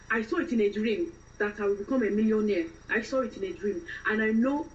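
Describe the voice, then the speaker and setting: A woman's voice: medium pitch, moderate pace, recorded from a distance, dull audio, natural voice. A woman voicing a newly arrived, devout and exasperated Nigerian woman in London, with a Nigerian accent and fervent, preachy exclamations.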